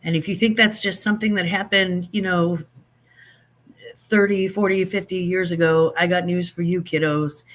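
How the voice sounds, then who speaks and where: A man hosting a casual livestream, chatting animatedly with viewers and reading out their comments. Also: high-pitched. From Saint Louis. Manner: animated, chatty, drawn-out emphatic phrases. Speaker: livestream host.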